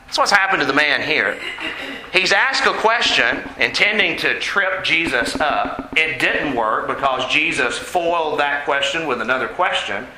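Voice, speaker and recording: A man's voice: a little high, animated, measured pace, pushed and bright. A man preaching a sermon in an earnest way, asking the congregation questions. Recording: echoey room with faint noise.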